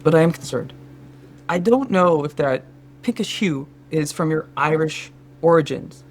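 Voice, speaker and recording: On a podcast, a Canadian co-host improvises a comedy sketch as a scheming, overly polite Sherpa guide, using his own regular voice. Fawning and full of mock concern, he keeps saying "sir," with a fairly high, lively, unhurried delivery.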